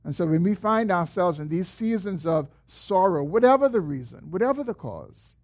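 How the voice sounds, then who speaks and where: Preaching as a pastor, this man is earnest and very animated, with a darkish tone. He lifts his voice to quote a prayer, then sinks low and slow as each phrase closes.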